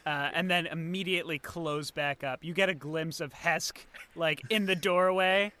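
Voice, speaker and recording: Bright-voiced man running a tabletop game. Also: on the high side, fairly even intonation, moderate pace, clear, resonant tone. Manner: loose, filler-heavy descriptions. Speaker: game master.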